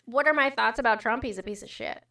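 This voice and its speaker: A fairly high-voiced woman hosting a casual livestream, talking straight to her chat. She is blunt and sarcastic and swears freely, and her voice sits a little back from the mic. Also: quick pace, pushed and bright, far from the mic. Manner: blunt, profane, sarcastic asides. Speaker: livestream host. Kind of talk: casual livestream chat reading comments and news.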